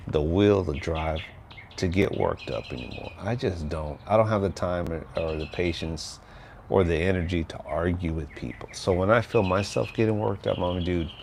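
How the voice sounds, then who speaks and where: An older man with a very deep, low voice talks through a relaxed livestream outdoors by his house. He rambles easily and keeps checking in with a "right?". Birdsong can be heard faintly behind him. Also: a little hiss or hum. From Texas. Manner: rambling and laid-back, often tags on "right?". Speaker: livestream host. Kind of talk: casual livestream chat.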